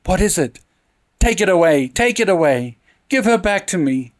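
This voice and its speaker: Distraught madwoman, shrieking and raving, played by a man, high-pitched and unhinged. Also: big pitch swings, normal speed. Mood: frantic raving. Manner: shrieking, wild, breathless raving. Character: frantic grief-crazed mother, middle-aged woman.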